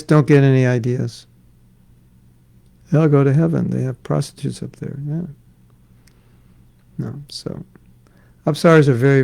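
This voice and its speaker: Brief: middle-aged male spiritual teacher, gravelly and warm, chatty class with jokes. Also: mid-range voice, rough recording. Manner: conversational, joking asides. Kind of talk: scripture class with questions. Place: class in Florida.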